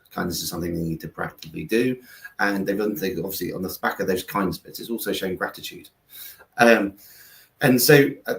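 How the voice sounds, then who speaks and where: An Englishman who founded a kindness platform is a guest in a rambling video-call interview, telling stories packed with fillers and restarts. His voice sits low with vocal fry and a fairly bright tone, in a roomy-sounding space.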